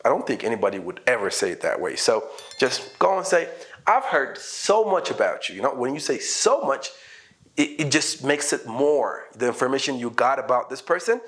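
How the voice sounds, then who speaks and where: A man's voice: mid-range voice, brisk. A man teaching everyday English phrases to learners, acting out each example and checking in with "okay?" as he goes. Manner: animated, acts out example phrases, often asks "okay?".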